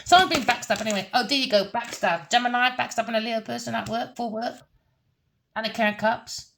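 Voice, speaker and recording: A woman rants through a tarot reading, her fairly high voice heated and full of curses. She repeats herself and scolds the people she talks about. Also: steady tone, a little fast, vocal fry, background noise. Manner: heated, cursing, repetitive. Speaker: tarot reader.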